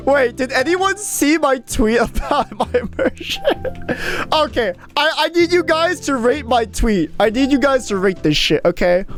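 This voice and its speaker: A young woman chatting on a live stream, her voice a touch high and swinging widely in pitch. She rambles excitedly and swears freely. Faint music plays underneath. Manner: animated, rambling, swears often. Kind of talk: casual live-stream chat.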